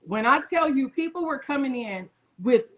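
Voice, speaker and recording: Guest chef, woman, 40s, high-ish voice; lively storyteller who voices the people she quotes; muffled recording. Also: moderate pace. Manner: animated, acts out others' lines in quoted voices. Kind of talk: casual interview storytelling. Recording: muffled lo-fi audio.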